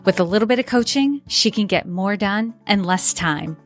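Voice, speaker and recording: A woman's voice: mid-range voice, lively intonation, moderate pace, faint music behind. A woman from Massachusetts hosting a podcast, reading a scripted intro and introducing her guest. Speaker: podcast host and leadership coach.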